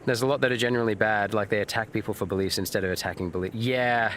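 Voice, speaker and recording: Talking fast in a lowish, fairly bright voice with fairly even intonation, a man streams a game live over a slight hiss or hum. He reads out viewers' messages and rambles casually in reply, with frequent fillers and restarts and the odd swear word.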